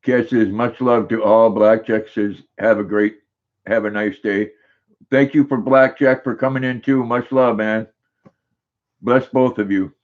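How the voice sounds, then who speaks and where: A man's voice: on the low side, steady tone, measured pace, phone-quality sound. An older man hosting a casual livestream, reading viewers' comments aloud and greeting each of them by name in an easygoing way. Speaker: livestream host.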